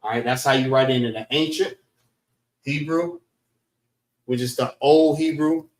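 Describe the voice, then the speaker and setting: A man's voice: medium pitch, measured pace. Man lecturing in a roomy space. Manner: repeats "all right" as a check-in, loose and conversational. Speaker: class instructor. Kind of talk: casual spoken lecture.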